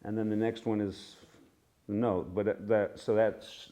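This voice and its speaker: A man leading an informal live class in a temple room, with a relaxed, halting manner and frequent self-corrections. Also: lowish voice. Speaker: music teacher leading a class.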